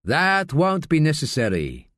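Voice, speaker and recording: A man voicing a calm, sardonic veteran police sergeant in an audiobook. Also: on the high side, a little slow, dry recording, exaggerated voice. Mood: wry. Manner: dry, sardonic.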